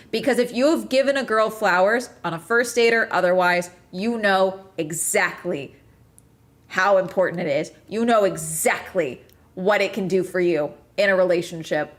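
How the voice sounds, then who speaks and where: A woman's voice: medium pitch, fairly bright tone. A woman streamer ranting in casual chat, emphatic and full of swearing. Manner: profane, emphatic, exasperated.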